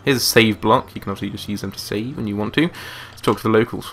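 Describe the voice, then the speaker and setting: A man's voice: fairly low pitch, fast, a bit bright. A man giving chatty, joking commentary over a video game. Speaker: let's play commentator.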